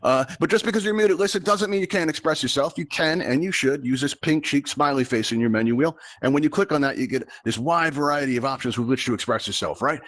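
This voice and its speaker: Fast-talking, chatty game show host man. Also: fairly high pitch, fairly bright tone. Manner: chatty, rambling showman addressing the audience. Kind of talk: live virtual event hosting.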